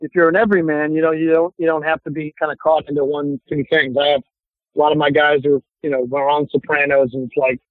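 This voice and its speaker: A man's voice: fairly high pitch, fast talker, no echo. Rambling man on a phone line. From Chicago, USA. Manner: relaxed, rambling with many restarts. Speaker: actor guest. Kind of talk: casual interview chat.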